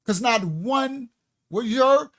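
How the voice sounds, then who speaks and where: Slow, emphatic livestream preacher man. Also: very high-pitched, animated, a bit bright. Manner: emphatic, preachy, reading from books with laughing asides. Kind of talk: livestream teaching.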